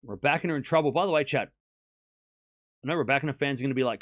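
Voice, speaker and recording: A man streaming live tennis commentary, calling the points with excitement and chatting and teasing his viewers in between. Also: mid-range voice, quick pace, no room sound, studio quality. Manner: excited call-outs of play, then chatty asides to chat; teasing, mock-comforting viewers.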